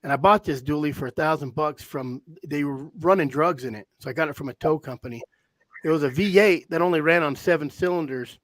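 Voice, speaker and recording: A man hosting a casual talk show, telling rambling, animated hunting stories with frequent restarts. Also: a little high, brisk, dry recording. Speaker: podcast host, hound hunter. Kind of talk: casual storytelling chat. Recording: dry close-mic sound.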